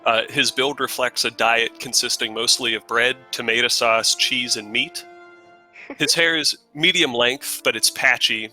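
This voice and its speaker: A man's voice: mid-range voice, pushed and bright, rough recording. A man at a tabletop game, describing his new character in long, vivid detail. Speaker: player.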